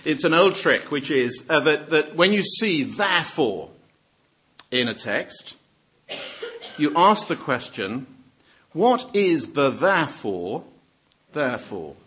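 A man's voice: on the high side, sing-song, slow, long pauses, a bit bright, a little hiss or hum. A male preacher giving a sermon, joking with the congregation and often breaking off and restarting his sentences. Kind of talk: sermon with audience questions.

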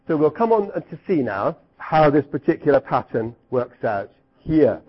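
Lively man teaching to an audience. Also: fairly high pitch, measured pace, slightly rough, lo-fi sound. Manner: asks the audience questions, lively, acts out cries. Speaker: Bible teacher. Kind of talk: interactive Bible teaching.

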